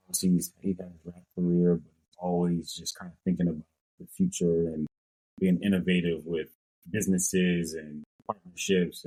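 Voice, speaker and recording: A young man, a sports coach, answering interview questions in a relaxed, thoughtful way with many fillers. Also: low voice, poor audio. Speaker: strength and conditioning coach.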